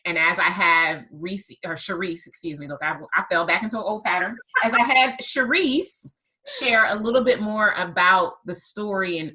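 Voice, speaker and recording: A woman hosting a podcast and telling a story in a lively conversational way, stressing her points by repeating words. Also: on the low side, rough recording. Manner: emphatic, repeats words for effect. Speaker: podcast host and business coach.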